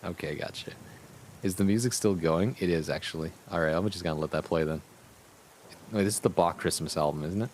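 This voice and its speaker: A man's voice: deep voice, a little fast, darkish tone, slight background noise. A man streaming live, chatting casually with his viewers in a crude, profane and sardonic way.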